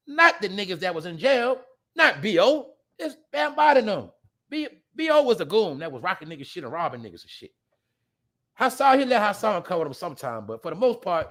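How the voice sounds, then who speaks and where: A man hosting a show, ranting bluntly and profanely at his viewers, swinging between loud outbursts and low mutters. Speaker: podcast host. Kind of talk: casual profane commentary.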